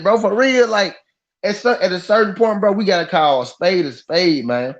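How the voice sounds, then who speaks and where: A boxing podcast host with a high voice speaks at a normal speed on a live talk stream, ranting in a heated, profane way and repeating himself for emphasis. The live-stream mic gives the audio a lo-fi sound.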